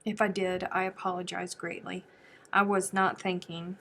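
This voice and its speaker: A woman's voice: on the low side, level tone, moderate pace, a bit bright, slight background noise. Chatty american woman crafting on a livestream. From United States. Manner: chatty, thinks aloud, answers viewer comments. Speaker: crochet livestream host. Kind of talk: casual livestream chat while crafting.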